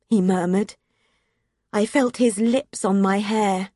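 A woman's voice: medium pitch, fairly even intonation, slow, warm tone, no echo, clean studio sound. A woman narrating a first-person novel, reading in an intimate, emotional way. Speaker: audiobook narrator.

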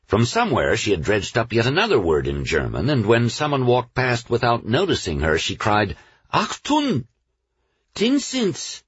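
Deep husky man narrating a novel. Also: sing-song. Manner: measured storytelling, slows on lists. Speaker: audiobook narrator. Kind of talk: scripted narration. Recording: dull, dry studio recording.

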